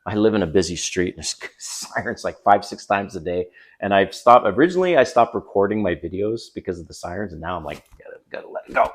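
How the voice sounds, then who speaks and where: A man's voice: sits low, lively intonation, fast. A man giving blunt, emphatic dating advice straight to camera, swearing casually as he coaches. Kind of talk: direct-to-camera coaching talk. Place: home by a busy street.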